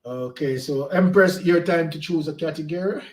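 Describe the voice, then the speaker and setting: A man's voice: on the high side, normal speed. Easygoing man in an echoey room. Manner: loose, easygoing delivery with warm greetings. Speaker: co-host and scorekeeper of an online trivia stream. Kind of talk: casual live-stream chat, announcing scores. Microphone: home desk mic. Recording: roomy echo.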